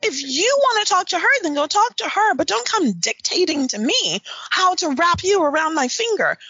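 A high, bright woman's voice that swoops up and down as she talks. She is blunt, emphatic and freely profane, an outspoken dominatrix making her case in an interview. The sound is close and dry, with no room in it. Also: very animated, normal speed, no echo, poor audio. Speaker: dominatrix guest. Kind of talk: candid interview talk.

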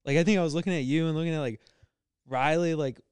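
A man's voice: fairly high pitch, quick pace, darkish tone, smooth, no room sound, clean studio sound. A young man hosting a podcast who jokes around, swears freely and retells stories with quoted lines. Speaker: podcast host. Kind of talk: casual chat.

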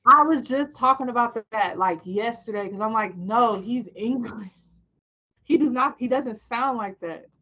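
A woman guest in a casual podcast chat, relaxed and agreeable. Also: on the high side, moderate pace, few pauses, highs cut off.

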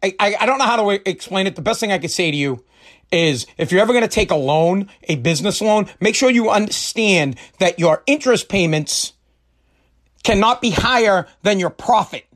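A man's voice: high voice, animated, moderate pace, a bit bright. A middle-aged man in a heated, profane rant, often stumbling and restarting his sentences. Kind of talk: angry political rant.

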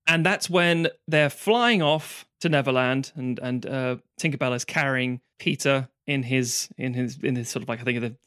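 A man's voice: mid-range voice, moderate pace, few pauses, a bit bright, smooth, no echo, clean studio sound. A man co-hosting a casual film podcast chat, rambling and swearing freely as he talks. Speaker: podcast co-host. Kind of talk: casual chat about films.

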